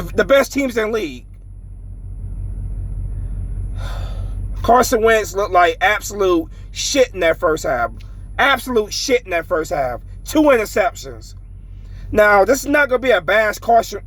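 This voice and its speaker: High-voiced man ranting, frustrated. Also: fairly bright tone, low-quality recording. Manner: frustrated, heavy swearing, repetitive ranting. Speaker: sports fan vlogger. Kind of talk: ranting fan commentary.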